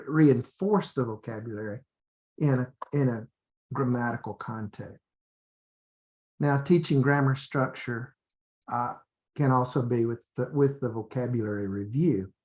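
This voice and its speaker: A man's voice: medium pitch, unhurried, a little mellow. Man explaining teaching methods. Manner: repetitive, drilling phrases with many restarts. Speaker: English teacher. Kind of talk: teacher training demonstration.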